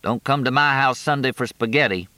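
A man's voice: mid-range voice, fairly quick, pushed and bright, dry recording, pitched above the performer's own voice, natural voice. A man doing a needling, grumbling undertaker. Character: wheedling, grumbling undertaker man, middle-aged.

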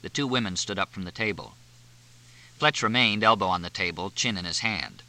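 Man with a low, bright narrating voice. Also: moderate pace, pauses often. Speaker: audiobook narrator. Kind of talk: scripted narration.

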